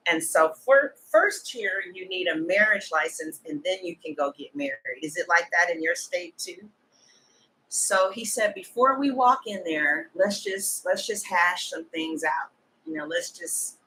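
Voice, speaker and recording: A woman talks casually to her viewers as a tarot reader. Her voice is bright and sits a bit low. She retells what other people said with lively, animated storytelling.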